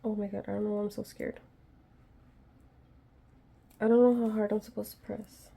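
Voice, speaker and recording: Here a female vlogger narrates a DIY craft fix for viewers, self-deprecating and a bit jittery as she chats along. Medium in pitch with little movement, her creaky, mellow voice keeps a moderate pace.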